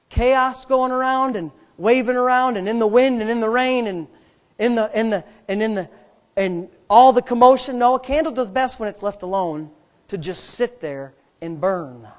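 A man, a pastor, preaching a sermon and driving points home with emphatic repetition. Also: sits high.

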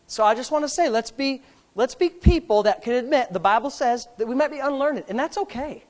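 High-voiced man preaching a sermon. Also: lively intonation, fairly quick. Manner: emphatic preaching, swings from soft asides to loud shouts; jokes with the congregation. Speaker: pastor.

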